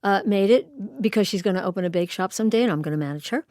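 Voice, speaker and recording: A woman's voice: mid-range voice, racing, a little mellow, dry recording, studio quality. A woman, a radio host, leading a chatty, playful interview and laughing often.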